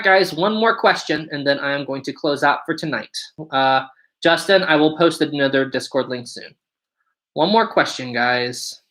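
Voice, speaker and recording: A man in his twenties hosts a casual livestream, upbeat and chatty as he answers viewer questions and thanks his audience. His voice is medium-pitched, bright and forceful, and the audio quality is poor.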